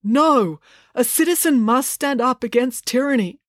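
A woman reading an audiobook voices a blustering, nervous middle-aged father with loud, indignant declarations. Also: high voice, expressive, unhurried, no room sound, studio quality, pitched above the performer's own voice.

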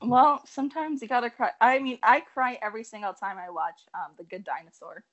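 A woman's voice: a little high, a little fast, muffled recording. Giggly young woman gushing in chat. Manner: bubbly, giggly, many "like" fillers. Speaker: co-host. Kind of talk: casual chat.

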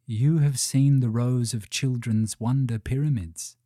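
Brief: mellow, unhurried wise spirit voice for a storybook, dry close sound, read by a man. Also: medium pitch, steady tone, no room sound, lightly acted. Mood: soothing. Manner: slow, soothing, gentle. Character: wise soothing ancient voice, spirit-like.

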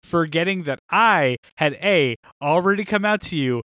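A man's voice: on the high side, normal speed, dry recording, studio quality. Laughing young man telling a story. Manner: animated storyteller, laughs often. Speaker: podcast co-host. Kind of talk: casual chat.

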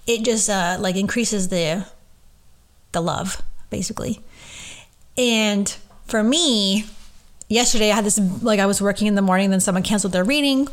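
A woman's voice: mid-range voice, moderate pace. Chatty woman medium rambling on her podcast, gushy, lots of "like". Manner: gushing, rambling, many fillers. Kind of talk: casual solo podcast monologue.

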